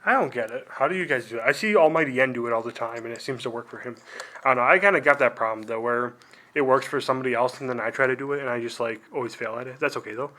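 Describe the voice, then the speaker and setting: A man's voice: medium pitch, rapid-fire, sharp tone. Rambling young man unboxing on camera. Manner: rambling and self-deprecating, full of "like" and trailing asides. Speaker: video host. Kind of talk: casual unboxing vlog.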